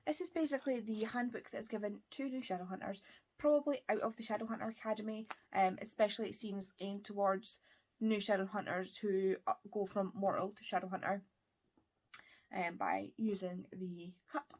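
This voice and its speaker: A woman's voice: mid-range voice, fairly even intonation, fairly quick, darkish tone. A woman from the United Kingdom giving a casual, enthusiastic book wrap-up, chatty and now and then dropping to a whisper. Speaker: book vlogger.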